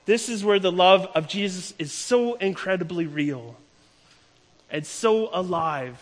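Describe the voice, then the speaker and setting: A man preaching a sermon, retelling a story with emphatic, slowing delivery. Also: sits high, animated. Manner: storytelling, emphatic, slows down for key lines. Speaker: pastor. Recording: long hall reverb.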